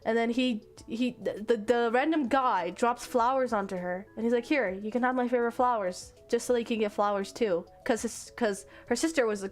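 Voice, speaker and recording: A young adult woman streamer casually retelling a story in a rambling, animated way, full of fillers and restarts. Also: on the high side, normal speed, hardly any pauses, soft background music. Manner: rambling and animated, acting out characters' lines. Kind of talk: casual stream chat, retelling a manga plot.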